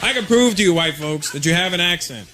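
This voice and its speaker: A man from Canada performing a stand-up comedy set on stage, animated and slipping into impressions for punchlines. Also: high voice, fast. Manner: animated, mimics voices for punchlines. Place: comedy stage before a laughing audience. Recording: loud crowd laughter and noise.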